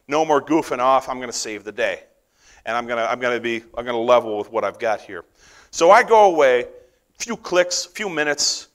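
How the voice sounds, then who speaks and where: A middle-aged American man telling a story during a conference talk, acting out the dialogue with lively, animated delivery. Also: medium pitch, moderate pace. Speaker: conference speaker.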